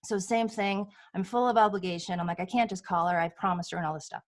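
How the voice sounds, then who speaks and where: A woman's voice: medium pitch, fast. A woman guest on a talk show, a healer, telling personal stories in casual chat and acting out the voices she quotes. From United States. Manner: animated, acts out quoted voices.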